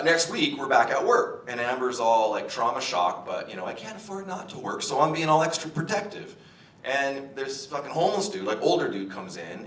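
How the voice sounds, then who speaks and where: A young actor playing a crude, brash store clerk, telling a rambling, profane story with chuckles on a stage. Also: male voice, fairly bright tone, natural voice. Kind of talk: theatre monologue. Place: theatre stage. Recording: roomy stage audio from a distance, faint rumble.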